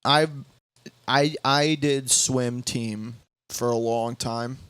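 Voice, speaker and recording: A young man hosting a podcast, telling a story in casual chat, halting with many restarts and quoting others in bouncy voices. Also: mid-range voice, steady tone, a bit bright, smooth, no room sound. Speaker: podcast host.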